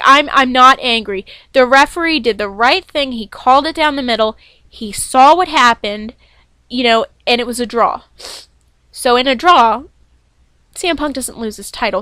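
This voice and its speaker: A young woman recapping a wrestling show in a casual, excited vlog, rambling and self-deprecating with lots of fillers and restarts. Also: a little high, no echo. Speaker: wrestling fan vlogger reviewing a show.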